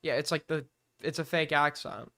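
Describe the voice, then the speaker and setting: Bright, crisp-voiced man reacting. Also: on the high side, fairly even intonation, moderate pace. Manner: incredulous, mocking asides. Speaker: streamer host. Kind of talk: reacting to a live call debate.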